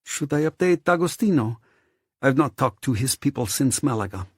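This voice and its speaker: A man's voice: medium pitch, lively intonation, moderate pace, breathy edge, dry recording, clean studio sound, pitched above the performer's own voice. A man voicing a brash, bored woman with a heavy Russian accent in an audiobook.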